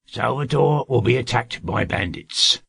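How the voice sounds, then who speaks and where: Male narrator puts on a sly, greedy plotter for an audiobook; rough, breathy, slow, unhurried. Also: medium pitch, lively intonation, a bit bright, no room sound, studio quality, exaggerated voice. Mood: cunning. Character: sly scheming male servant, cunning and greedy.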